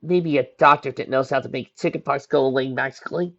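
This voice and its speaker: A man's voice: mid-range voice, brisk, gravelly, lightly acted. A man voicing a young woman who is a caring, upbeat foster sister, speaking in a friendly, reassuring way in a fan fiction reading. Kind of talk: fan fiction read aloud. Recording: dull lo-fi home recording.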